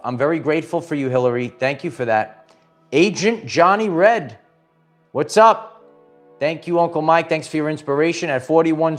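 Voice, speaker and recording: An upbeat man hosts a casual livestream pep talk at an ordinary middle pitch. He rambles and motivates, calling out to viewers by name. Faint music plays under his voice. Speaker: host.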